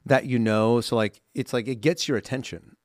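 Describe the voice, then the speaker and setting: A man co-hosting a podcast in casual chat, playful and animated as he tells stories. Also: mid-range voice, moderate pace, dry recording, studio quality. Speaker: podcast co-host.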